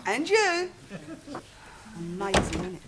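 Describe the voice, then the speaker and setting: A woman's voice: medium pitch, big pitch swings, slow, heavy background noise. An actress playing a sarcastic, bawdy woman. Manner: wisecracking, sarcastic. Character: sardonic, bawdy London woman, the boy's auntie.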